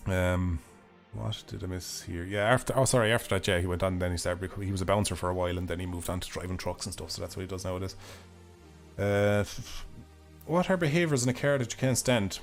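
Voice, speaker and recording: A young Irish man streaming a game, chatting casually in a rambling way, swearing freely and laughing often, his voice hoarse and failing. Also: low-pitched, level tone, fast talker, soft background music. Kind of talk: casual livestream chat while gaming.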